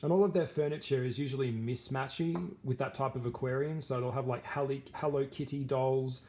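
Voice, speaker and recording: Rambling man with a middle-pitched voice. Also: fairly even intonation, a little fast, dark tone. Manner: rambling, with many fillers and restarts. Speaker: vlogger. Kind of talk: casual talk to camera.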